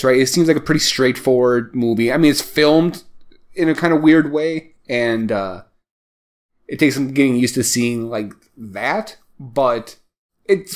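A man co-hosting a podcast, chatting casually about a film, rambling with many fillers and frequent laughter. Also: on the high side. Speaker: podcast co-host. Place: small town.

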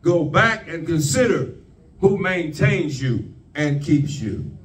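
A man preaching a sermon, slow and deliberate, leaning on repeated phrases. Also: a little high, sing-song, far from the mic, rough recording. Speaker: pastor.

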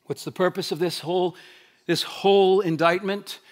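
Higher-voiced man preaching with loud-quiet swings. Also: moderate pace. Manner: animated preaching, rhetorical questions, swings between loud emphasis and hushed quiet. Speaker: pastor. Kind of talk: sermon. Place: church sanctuary.

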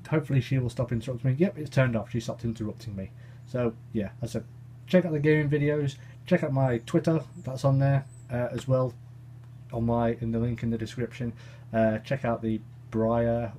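A man's voice: mid-range voice, dark tone, a little hiss or hum, rough recording. A man giving a casual, rambling, jokey headset review with plenty of fillers and repeats. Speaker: YouTube gadget reviewer. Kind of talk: casual unscripted product review.

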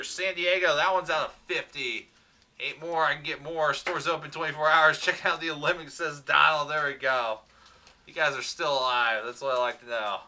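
A man's voice: on the high side, pushed and bright. A man hosting a livestreamed card box break, upbeat, rattling off player names and chatting with viewers.

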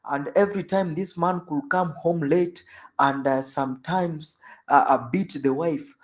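A male preacher giving a sermon. He tells stories in an animated way and circles back on phrases for emphasis. His voice sits slightly higher than most men's. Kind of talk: sermon with storytelling.

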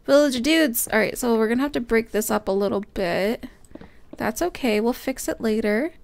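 A bubbly young woman hosting a casual gameplay session, chatting along as she plays. Her voice sits a little high, and she coaxes the game characters while breaking into sudden excited squeals. She talks close to a desk microphone. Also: moderate pace, gravelly. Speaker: gaming host. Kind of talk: casual let's-play commentary.

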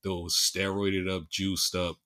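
A man's voice: sits low, flat delivery, takes it slowly, pushed and bright. A male podcast host with a Philadelphia accent, chatting casually and restarting his sentences often with repeated words.

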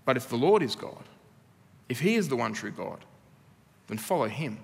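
A man's voice: medium pitch, big pitch swings, moderate pace, creaky. An Australian man preaching a sermon as pastor, earnest and laced with dry humour. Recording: long reverb of a church hall.

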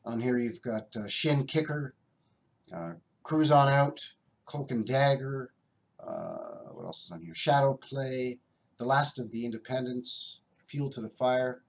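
A man's voice: medium pitch, very animated, unhurried, gravelly. A man who collects records, casually and enthusiastically showing off his finds in a rambling way. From Canada. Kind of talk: casual show-and-tell.

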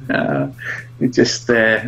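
Slow, low-voiced man reviewer. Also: vocal fry, fairly bright tone, dull audio, slight background noise. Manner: halting, laughs often, self-mocking. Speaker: product reviewer, guest. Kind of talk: casual video chat.

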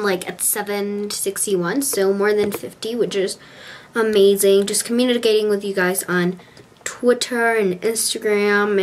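A young woman vlogging from inside a parked car, talking casually, gushing and rambling, into a handheld compact camera. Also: medium pitch. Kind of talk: casual vlog chat.

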